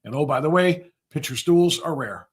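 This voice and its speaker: A man's voice: a little high, expressive, normal speed, husky. A middle-aged man hosting a livestream, giving rambling, sarcastic political commentary. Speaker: host.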